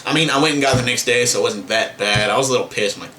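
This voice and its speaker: A man's voice: medium pitch, rapid-fire, few pauses, sharp tone, a little hiss or hum. A man ranting to camera in a vlog, exasperated and profane, full of fillers and restarts. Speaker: vlogger.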